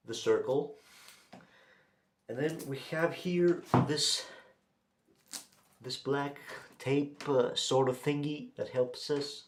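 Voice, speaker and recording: A man hosting a casual how-to demonstration, talking in a halting way and repeating himself as he shows each step. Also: mid-range voice. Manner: halting, repeats himself while showing steps. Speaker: tutorial host. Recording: echoey room.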